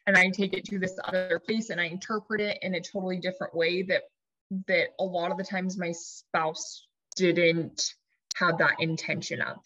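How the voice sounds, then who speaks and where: A woman life coach explaining ideas to her audience, lively and chatty, sometimes putting on her own dramatic inner voice as an example. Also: lowish voice, moderate pace, highs cut off. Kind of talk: teaching talk to an audience.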